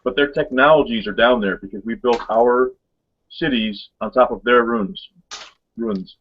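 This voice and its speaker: A man's voice: medium pitch, a little slow. A man co-hosting a casual webcast chat, rambling through stories with many fillers and frequent laughs. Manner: rambling storyteller, laughs often. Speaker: co-host. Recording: dull lo-fi webcast audio.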